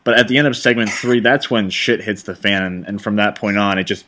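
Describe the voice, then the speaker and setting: Rambling low-voiced man hosting commentary. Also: fairly even intonation, brisk, bright, forceful tone. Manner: rambling, enthusiastic. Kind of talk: casual commentary chat.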